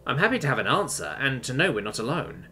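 A man voicing a friendly, earnest human captain who speaks warmly and apologetically. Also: mid-range voice, big pitch swings, fast, soft background music.

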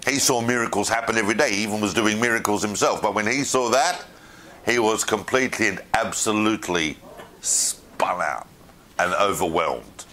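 Bright-voiced man lecturing a room. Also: on the low side, a little fast, a little hiss or hum. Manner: animated, asks the room questions. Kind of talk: informal class lecture.

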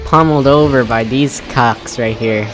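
A young man casually commenting on gameplay, profane and excitable, slangy and laughing. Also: mid-range voice, normal speed. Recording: game music playing behind.

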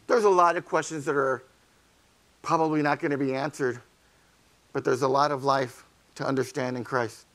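A male pastor delivering a sermon, telling a story quietly and then rising into fervent, pleading preaching. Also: fairly high pitch. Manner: storytelling, swings from hushed to fervent. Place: church sanctuary.

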